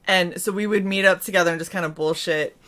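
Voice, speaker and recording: A woman's voice: lowish voice, quick pace. A woman co-hosting a casual stream, telling stories with lots of laughter and acted-out voices. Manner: animated storyteller, laughs often, acts out voices. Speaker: stream co-host. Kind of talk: casual chat.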